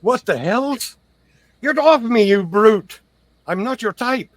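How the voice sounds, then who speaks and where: A man voicing a pompous, panicky manservant with shrill, indignant outrage. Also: big pitch swings, moderate pace, a bit bright, no room sound. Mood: outraged.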